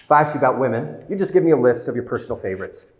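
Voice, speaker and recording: A man playing a weary, blunt middle-aged therapist as he retells a film scene with quick, emphatic delivery. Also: medium pitch, expressive, natural voice. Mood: earnest. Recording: roomy hall with long reverb.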